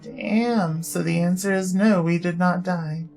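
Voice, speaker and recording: A woman streamer giving gameplay commentary, reading game dialogue aloud and reacting loudly, swearing freely. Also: fairly low pitch, steady tone, measured pace, faint music behind.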